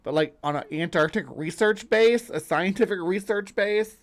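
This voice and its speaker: A man hosting a live stream, thinking out loud in a rambling, incredulous way as he comments on a story. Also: high voice, moderate pace. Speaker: host.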